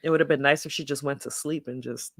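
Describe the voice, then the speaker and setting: A woman with a slightly low voice co-hosts a book club podcast. Her casual, conversational talk retells scenes with quoted asides. The sound is dry and close. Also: fairly even intonation, fast talker, dry recording. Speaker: podcast co-host.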